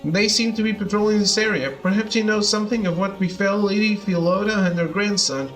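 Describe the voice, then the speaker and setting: A man voicing a courteous, reasonable soldier who speaks in a measured way. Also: high voice, fairly even intonation, fairly bright tone, soft background music, low-quality recording. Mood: calm. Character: level-headed, polite male soldier.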